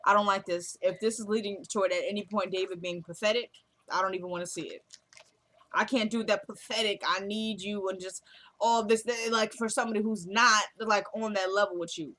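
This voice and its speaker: A woman reviewing a TV drama episode recaps it casually, acting out scenes through quoted dialogue, laughing, and gushing about the actors. Her medium-pitched voice is steady, fairly quick, pushed, and bright.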